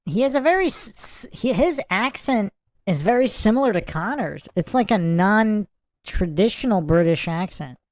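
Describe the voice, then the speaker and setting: A man's voice: high voice, expressive, moderate pace, a little mellow, no room sound. A man hosting a casual livestream, reading viewer chat aloud and musing over it. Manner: chatty, muses aloud, reads comments and look-ups aloud.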